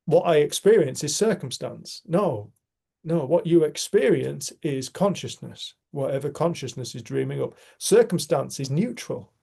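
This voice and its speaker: A man's voice: fairly high pitch, lively intonation, normal speed, vocal fry, warm tone, husky. A man leading a casual community group discussion, talking in an earnest, emphatic way. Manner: earnest, emphatic, swears mildly.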